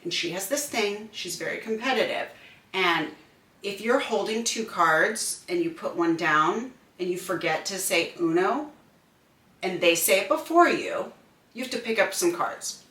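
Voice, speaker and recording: A woman's voice: medium pitch, a little slow, far from the mic. A woman in her thirties co-hosting a podcast, telling stories in casual chat and acting out quoted lines. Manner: animated storyteller, acts out quoted voices. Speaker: podcast co-host. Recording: echoey room, off-mic.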